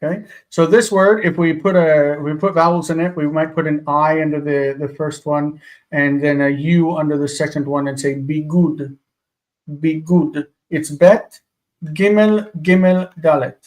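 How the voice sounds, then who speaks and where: Male teacher, higher pitch, patient and repetitive, live online class on a call. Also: fairly even intonation, moderate pace. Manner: patient, explains with examples and repeats words. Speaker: Hebrew teacher. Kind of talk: live online language lesson. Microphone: video call.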